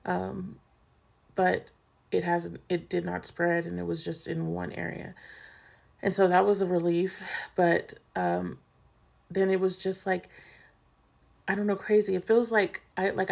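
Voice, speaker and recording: A woman's voice: on the low side, level tone, measured pace, creaky, darkish tone. A woman vlogger candidly telling a personal story in a casual, chatty way, full of "like".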